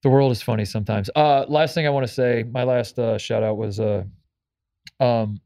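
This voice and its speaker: A man's voice: mid-range voice, steady tone, moderate pace, gravelly, warm tone, no room sound, studio quality. A man hosting a casual sports talk radio show, rambling with many restarts. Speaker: radio host.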